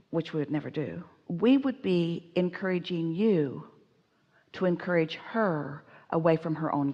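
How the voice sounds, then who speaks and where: A woman giving an inspirational seminar talk, speaking as "we" in an emphatic, animated way while answering audience questions. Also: lowish voice, long reverb tail, highs cut off.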